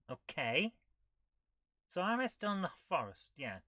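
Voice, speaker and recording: Wry bright-voiced woman playing a retro game. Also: lowish voice, big pitch swings, a little slow, no echo. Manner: wry, reads game text aloud with dry asides. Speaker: host of a retro gaming channel. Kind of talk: live gameplay commentary.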